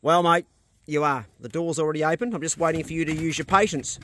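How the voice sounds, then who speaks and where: Earthy New farmer, fairly high voice. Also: male voice, quick pace, sharp tone. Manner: earthy, blunt, swears freely. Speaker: farmer vlogger. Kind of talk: casual walk-and-talk vlog. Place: outdoors on a farm. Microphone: phone camera.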